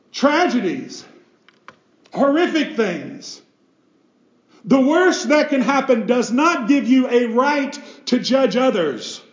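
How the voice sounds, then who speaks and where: A man's voice: extremely high pitch, reverberant, dull audio. A man, a pastor, preaching a sermon with emphatic delivery and rhetorical questions.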